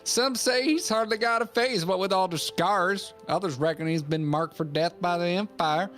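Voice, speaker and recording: A man voicing a rough, gossipy male townsman in a put-on rustic accent for a game read-along. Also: high voice, normal speed, a bit bright, soft background music, pitched above the performer's own voice.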